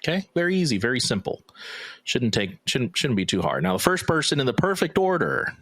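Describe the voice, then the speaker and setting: A man co-hosting a casual podcast, posing questions in a slow, easygoing way. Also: mid-range voice, sing-song, a bit bright, dry recording. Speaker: podcast co-host asking the questions.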